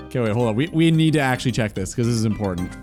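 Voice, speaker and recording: A man's voice: mid-range voice, lively intonation, racing, music in the background. A man chatting casually on a gaming stream, teasing and mock-incredulous.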